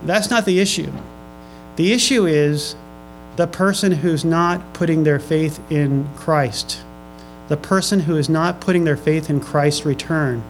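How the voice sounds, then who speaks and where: Man, pastor, sermon, reads scripture slowly, repeats phrases, slightly high voice. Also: slight background noise, rough recording. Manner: reads scripture slowly, then presses questions on the congregation; repeats himself and restarts phrases.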